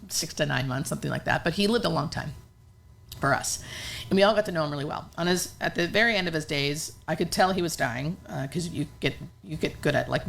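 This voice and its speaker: A woman's voice: deep voice, gravelly, fairly bright tone, a little hiss or hum. A woman hospice nurse earnestly telling a personal story in conversation, emotional and full of fillers.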